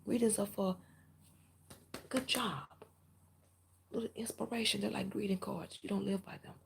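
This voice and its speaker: A woman's voice: medium pitch, fairly even intonation, normal speed, a little hiss or hum. A woman tarot reader giving a blunt, preachy reading straight to her viewers, often dropping into half-whispers. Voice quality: very husky, gravelly. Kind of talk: direct-to-camera tarot reading.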